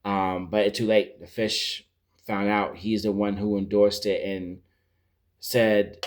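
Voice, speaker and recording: A male vlogger casually recapping a TV series, rambling and animated, often searching for words. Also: lowish voice, slow, slight background noise. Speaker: pop culture vlogger.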